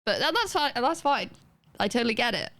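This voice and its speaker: A young woman chatting casually on a live gaming stream, rambling and self-deprecating with quick asides. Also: fairly high pitch, very animated, fairly bright tone, no room sound. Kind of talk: casual chat while gaming.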